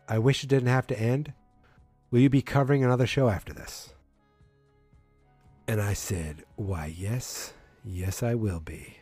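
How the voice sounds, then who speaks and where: A man hosts his podcast in a loose, rambling way, full of fillers and restarts. His tone is dark and mellow. The sound is dry and close, with faint music underneath. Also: fairly low pitch, no room sound. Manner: rambling, self-correcting, filler-heavy. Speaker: podcast host. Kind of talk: casual solo podcast chat.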